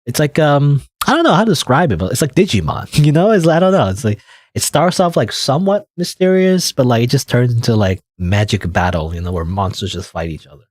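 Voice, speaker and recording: Man, casual let's-play narration, rambling, lively pitch, dry close mic. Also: brisk, no room sound. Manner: rambling, full of "like" and "you know". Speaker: gamer reading a visual novel aloud.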